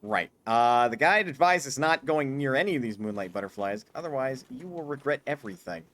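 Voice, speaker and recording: A man's voice: medium pitch, lively intonation, brisk, a bit bright. A man streaming a hard game, chatting casually, swearing often and breaking into mock-grand speeches. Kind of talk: casual gameplay commentary.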